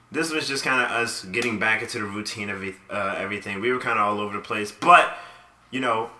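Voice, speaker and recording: A man's voice: medium pitch, bright, forceful tone, roomy sound. A man hosting a casual podcast, talking in a laid-back, slangy way and laughing often. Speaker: podcast host.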